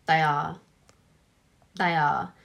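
An Australian woman co-hosting a casual podcast chat, animated and acting out quotes, swearing casually. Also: sits low, extremely slow, vocal fry. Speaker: podcast co-host.

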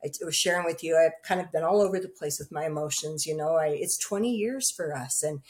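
A woman's voice: low-pitched, fast talker, darkish tone. A woman talking as a podcast guest in a reflective, heartfelt way. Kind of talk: casual conversation.

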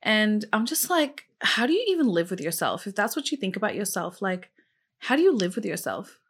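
This woman speaks in a mid-range, slightly rough voice, very animated and a little fast. Hosting a true crime podcast, she tells the case casually, peppering it with "like" and "um" and asking listeners questions directly.

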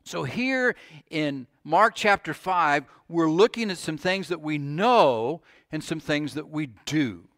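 Earnest male preacher, high voice. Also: animated, takes it slowly, fairly bright tone, dry recording, studio quality. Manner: earnest, with many restarts and questions to the congregation. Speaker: pastor. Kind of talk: sermon.

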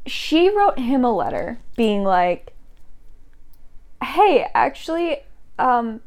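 A young woman with a high, bright-toned voice retells a story to her co-host in a loose, chatty way. She talks animatedly and a little breathlessly, with lots of "like" in her sentences. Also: very animated, slow, clear, resonant tone. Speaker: podcast co-host. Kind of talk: casual chat retelling a story.

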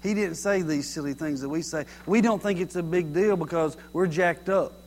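A middle-aged man preaching a sermon in a folksy, animated way, mocking common everyday sayings. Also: on the high side, normal speed, slight background noise.

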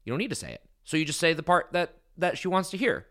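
This is a man chatting casually as a podcast co-host, his voice bright and edged. He swings his pitch up and down a lot, acting out quotes as he talks. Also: quick pace. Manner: animated, acts out quotes in a shifting voice. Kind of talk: casual recap chat.

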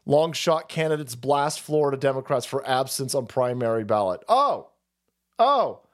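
A man's voice: mid-range voice, very animated, normal speed. A man hosting a stream who rants about politics in a sarcastic, mocking, foul-mouthed way. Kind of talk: profane political rant.

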